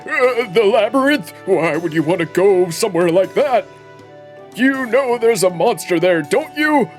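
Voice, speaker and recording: A friendly, talkative old village man, as a male streamer puts him on. He drags out his words in a folksy, easy ramble. The voice sits somewhat high for a man, with faint music playing underneath. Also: expressive. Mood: chatty. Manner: chatty, drawn-out, folksy. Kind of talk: game dialogue read aloud by a streamer.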